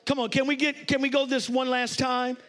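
A pastor preaching a sermon, telling a story with loud, animated exclamations. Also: male voice, very high-pitched, brisk.

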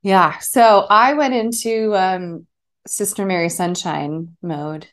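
A woman in her thirties talks casually, in a middle-pitched voice that sits at an ordinary height. She tells her story with animation and breaks into laughter often. It sounds like relaxed chat between two people. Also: slow. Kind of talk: casual conversation.

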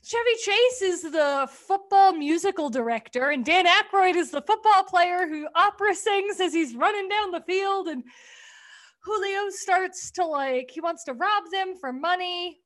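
A young woman co-hosting a casual podcast, recapping a comedy sketch in an animated way, swearing and acting out lines. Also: very high voice, measured pace. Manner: animated, swearing, acts out quotes. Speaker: podcast co-host.

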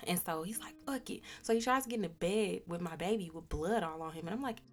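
Young female host, lower register, blunt, animated personal storyteller. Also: fast talker, faint music behind. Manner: candid, profane, animated retelling with quoted dialogue. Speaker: podcast host.

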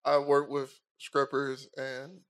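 A young man chatting casually as a podcast co-host, relaxed and a bit hesitant. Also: mid-range voice, slow, a crowd in the background. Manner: relaxed, hesitant, lots of fillers. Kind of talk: casual chat.

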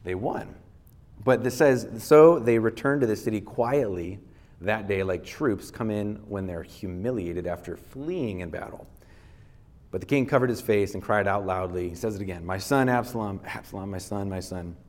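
A man's voice: lowish voice, normal speed, a little mellow. A male pastor giving a sermon, retelling a scripture story in casual everyday words and reading verses aloud.

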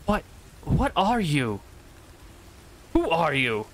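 A man's voice: a little high, wildly swooping pitch, slow pace, slight background noise, voice pushed up, exaggerated voice. A man voicing a smug woman spellcaster who haughtily demands answers in a tabletop game. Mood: haughty.

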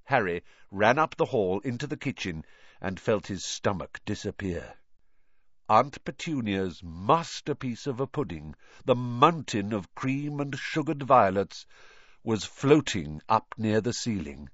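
A man narrates a storybook with a lively, rising-and-falling voice and plenty of drama. The recording is dry, close and somewhat muffled and lo-fi. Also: lowish voice, measured pace, no room sound. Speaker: audiobook reader.

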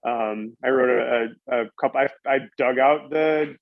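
A man's voice: mid-range voice, unhurried, vocal fry, dry recording. Man, podcast guest, rambling storyteller, dry close sound, slightly dull lo-fi audio. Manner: rambling, frequent "like" and restarts. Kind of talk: casual storytelling.

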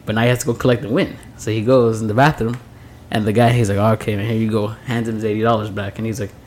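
A man co-hosting a casual drinking podcast, telling stories in an animated way and laughing through the punchlines. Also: on the low side, fast talker, a little hiss or hum. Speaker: podcast co-host.

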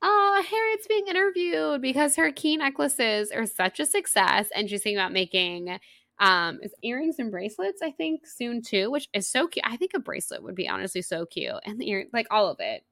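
A woman co-hosting a casual book-club podcast, chatty and animated with quick asides. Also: on the high side, vocal fry, dry recording, clean studio sound. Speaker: podcast co-host.

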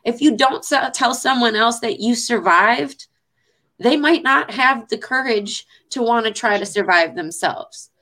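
A woman hosting a faith show, praying fervently and speaking warmly to viewers, given to repeating phrases and getting emotional. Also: a little high, unhurried. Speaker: show host. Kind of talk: heartfelt prayer and chat to viewers.

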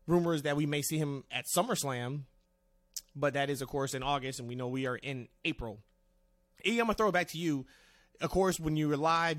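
A male podcast host talking wrestling in a casual, animated way, passing questions to his co-hosts. His voice sits a bit high for a man, and the sound is close and dry. He keeps the conversation moving. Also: no echo. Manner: animated, steers the talk to co-hosts. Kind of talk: casual chat.

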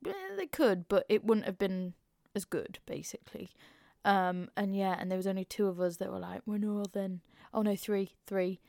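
A woman's voice: medium pitch, a little mellow, no echo, studio quality. A woman in her twenties with an East Midlands Mansfield accent, hosting a podcast in a candid, chatty way and swearing freely. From English Midlands (Mansfield). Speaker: podcast host. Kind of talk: casual chat.

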